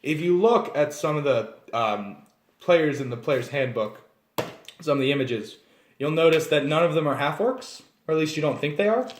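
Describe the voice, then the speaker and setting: Animated man explaining tabletop game races. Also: fairly high pitch, moderate pace, slight background noise. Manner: animated, digressive, acts out scenes. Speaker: channel host. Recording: roomy echo.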